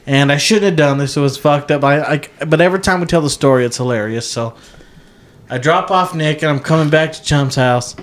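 A laid-back man with a slightly high voice. He chats casually with friends on a podcast and drops "dude" often. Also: brisk. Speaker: podcast co-host. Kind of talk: casual chat.

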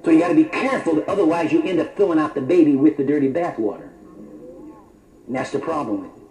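A man preaching a sermon, quoting scripture slowly and adding mock-approving remarks. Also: a little high, a little mellow. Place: church. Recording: roomy church hall, faint noise.

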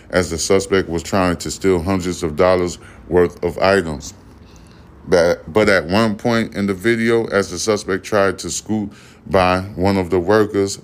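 A man hosting a podcast, reading news stories and riffing on them in a loose, profane, rambling way. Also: low-pitched. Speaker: podcast host. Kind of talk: casual news commentary podcast.

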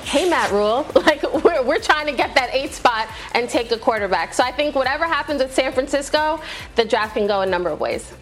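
A woman analyst on a sports talk show, chatty and quick to laugh. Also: high voice, lively intonation, faint music behind. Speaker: panelist analyst.

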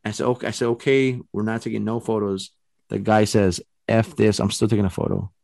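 A man's voice: on the low side, a little fast, vocal fry, no echo. A man casually telling a story from his own paranormal investigation, acting out the sounds and quoting himself. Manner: animated, acts out sounds and quotes himself, swears casually.

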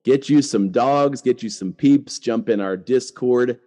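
A man's voice: mid-range voice, unhurried, dark tone. A middle-aged man hosting a podcast, talking casually with lots of "like" and restarts. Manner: chatty, full of "like" and restarts. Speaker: podcast host.

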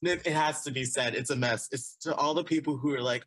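Male podcast guest from Texas, bright voice, dry close sound, rambling casual chat. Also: mid-range voice, brisk, dry recording, rough recording. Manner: chatty, repeats phrases, laughs often.

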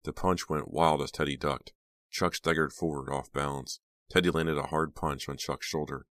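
Very deep-voiced man narrating an audiobook. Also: steady tone, normal speed, a bit bright, no echo.

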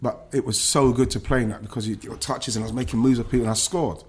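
A man's voice: mid-range voice, steady tone, fast talker, darkish tone, breathy edge. A man, a former footballer, recounting his career in an emotional podcast interview, with many restarts and some swearing.

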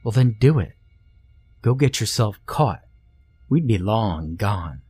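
A man's voice: lowish voice, animated, slow pace, darkish tone, slightly rough, dry recording, faint music behind, exaggerated voice. A man voicing a cocky, cruel boy bully who taunts and sneers with overconfidence. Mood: taunting.

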